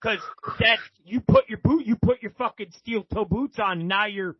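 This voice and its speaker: A high-voiced man holds forth as a guest, his stories loose, profane and full of restarts. The recording sounds dull and dry. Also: moderate pace, breathy edge, no echo. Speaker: podcast guest. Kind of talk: casual storytelling.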